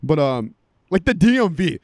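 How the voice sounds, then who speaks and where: A man's voice: on the high side, sing-song, moderate pace, no echo. A young man, co-hosting a podcast in casual, profane, rambling chat and laughing often. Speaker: podcast co-host.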